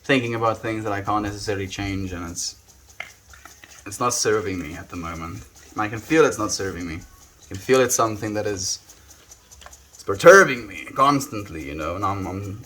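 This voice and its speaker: A young South African man chatting softly and reflectively with viewers on a live stream, often trailing off with "you know". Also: lowish voice, animated, moderate pace, a little hiss or hum. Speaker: livestreamer. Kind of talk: casual live-stream chat.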